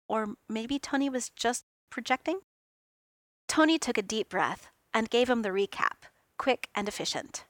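A woman reading a fan fiction story aloud in an expressive, lively way. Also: on the high side, a little slow, no room sound. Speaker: reader.

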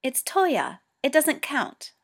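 A woman's voice: high-pitched, very animated, slow, pitched above the performer's own voice, full character voice. A woman reading a story aloud and voicing a flustered, defensive teenage boy Go player who talks in raised, indignant bursts. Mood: sullen. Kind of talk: amateur audiobook reading.

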